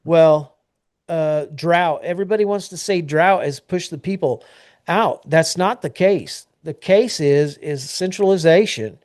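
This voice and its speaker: A man's voice: high-pitched, normal speed, darkish tone, dry recording. Man, agriculture show co-host, rambling plain talk, dry close sound. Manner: plainspoken, rambling with frequent fillers and restarts. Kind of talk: casual news discussion.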